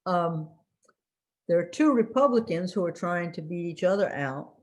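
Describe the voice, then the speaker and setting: A woman giving an unscripted election briefing as a political commentator, halting often with fillers while recalling names and dropping dry, wry asides. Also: on the low side, animated, a little mellow.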